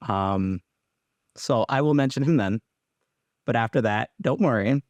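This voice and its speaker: A young man hosting his own podcast, talking candidly and haltingly, with frequent restarts and casual swearing. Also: medium pitch, a little mellow, no room sound, highs cut off. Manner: rambling, halting, restarts often. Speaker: podcast host. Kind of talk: candid personal podcast monologue.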